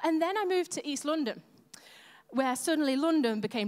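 Woman church leader, high voice, chatty and self-deprecating, preaching with a long hall echo. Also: expressive, fairly quick, a little mellow. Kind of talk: sermon. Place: church stage.

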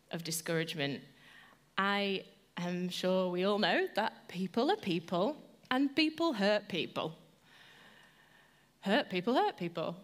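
A woman giving a Christian devotional talk, earnest, personal and conversational. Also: lowish voice. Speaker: Christian speaker.

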